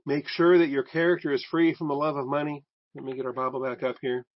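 A man's voice: medium pitch, level tone, fast, no room sound, highs cut off. A man teaching a Bible passage verse by verse in a conversational way, restarting phrases as he explains Greek terms.

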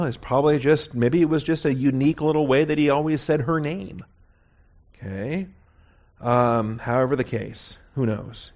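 A man's voice: mid-range voice, darkish tone. Man, Bible teacher, conversational lesson, keeps checking in with listeners, dull lo-fi sound. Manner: conversational, checks in with "okay?" often. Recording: dull, lo-fi recording.

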